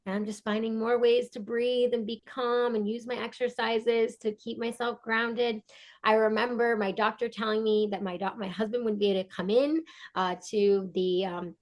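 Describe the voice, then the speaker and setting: A woman's voice: fairly high pitch, normal speed. Earnest woman telling her birth story. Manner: earnest, animated, acts out quoted dialogue. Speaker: podcast guest, breathwork coach. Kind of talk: casual personal storytelling.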